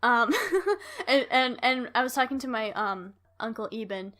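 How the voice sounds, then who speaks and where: Woman podcast host, a bit high, chatty and rambly, lots of likes and ums. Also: measured pace, sharp tone. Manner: rambling, laughs often, filler-heavy. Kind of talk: casual chat.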